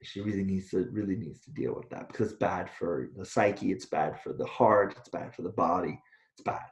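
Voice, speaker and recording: A man with a low, slightly quick voice co-hosts a casual discussion, ranting bluntly and swearing freely in an animated way. He's a Taoist teacher, and the recording has a dull, lo-fi sound in an echoey room.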